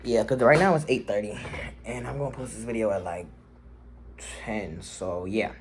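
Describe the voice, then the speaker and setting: A man casually telling a personal story to his viewers, slangy and animated, jumping to high yells when he quotes himself. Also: moderate pace, slight background noise. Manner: animated, slangy, swings to shrill yelling when quoting himself.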